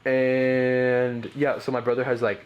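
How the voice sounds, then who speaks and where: Guy on a podcast telling his story, rambly, lots of like and bro, mid pitch. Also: completely flat delivery, measured pace, dull audio, a little hiss or hum. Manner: rambling, heavy use of "like" and "bro", frequent restarts. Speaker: podcast guest. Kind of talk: casual personal storytelling.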